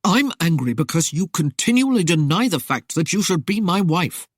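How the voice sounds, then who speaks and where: Here is a proud young sea captain, read by a woman, clipped and indignant. The voice sits low and husky. The recording is close and dry. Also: lively intonation, normal speed, darkish tone, no echo. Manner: stiff and indignant.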